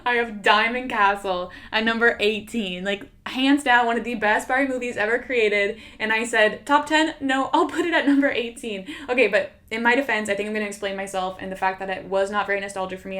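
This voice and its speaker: A woman's voice: mid-range voice, flat delivery, fast talker, few pauses, sharp tone. A woman YouTuber giving casual, self-deprecating commentary while reacting to her own old video, chatty with lots of fillers.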